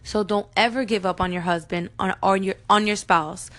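Woman vlogger, 30s, heartfelt and earnest, middle-pitched voice, speaking straight to her audience. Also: fairly even intonation, normal speed, fairly bright tone. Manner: addresses viewers directly. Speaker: mom vlogger. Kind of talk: personal storytelling to camera.

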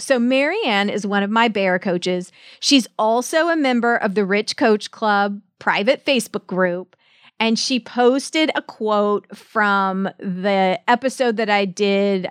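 A woman's voice: mid-range voice, smooth, no echo, studio quality. A middle-aged woman hosting her podcast as a business coach, talking in an emphatic, direct and motivational way. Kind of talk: solo podcast monologue.

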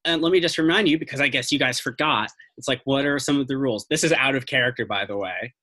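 Bright-voiced casual game master. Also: medium pitch, fast. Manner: casual, profane, restarts often. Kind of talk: narrating a tabletop game.

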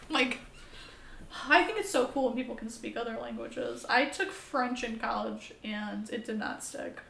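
A young American woman tells stories in a bright, forceful voice with a gravelly edge. She swears freely and acts out her own reactions. The room around her is noticeably echoey. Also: a little high, measured pace. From United States. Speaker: podcast guest. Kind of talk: casual chat. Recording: roomy echo.

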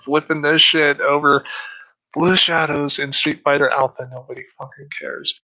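Snarky cursing dude on a podcast, super bright sharp voice, kinda high. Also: male voice, steady tone, moderate pace, poor audio. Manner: snarky, profane. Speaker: podcast panelist. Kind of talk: casual chat.

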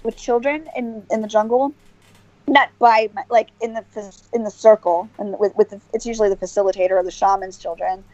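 A woman's voice: mid-range voice, fairly even intonation, brisk, a little mellow, no echo. A woman guest in a casual interview, talking earnestly and rambling with many restarts and fillers. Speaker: podcast guest. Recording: dull lo-fi dry sound.

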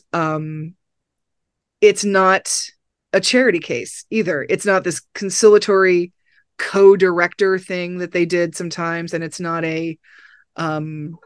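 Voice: mid-range voice, smooth, no room sound, clean studio sound. A person reviewing a film on a podcast in casual chat, rambling and enthusiastic with many restarts.

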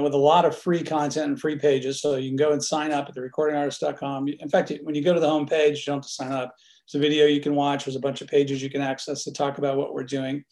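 Interview guest, man, relaxed storyteller, fairly high voice, roomy echo. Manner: relaxed storytelling, acts out quoted dialogue. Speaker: producer and studio owner, guest. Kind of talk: casual interview chat.

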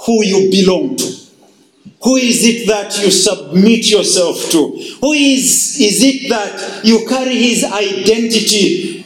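A man's voice: high voice, reverberant, a little hiss or hum, poor audio. A male pastor preaching emphatically and reading scripture in a sermon.

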